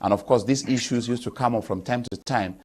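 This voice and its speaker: A man's voice: medium pitch, a little mellow. Cameroonian man hosting a TV panel. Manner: measured, questioning, with many fillers. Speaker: talk show host.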